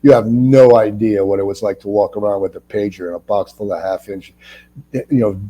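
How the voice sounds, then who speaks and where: A middle-aged man with a dark, mellow voice, chatting as an interview guest. He spins his stories with animation, slips into the voices of the people he describes, and stammers over restarts when excited. His tone is relaxed and warm. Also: on the low side, a little fast. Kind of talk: casual anecdotal storytelling.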